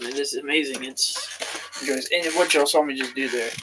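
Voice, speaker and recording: A man's voice: a little high, fairly even intonation, normal speed, very noisy. A man in his thirties talking casually to camera as a gaming vlogger, rambling and swearing freely. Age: 30s. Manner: profane, rambling, laid-back.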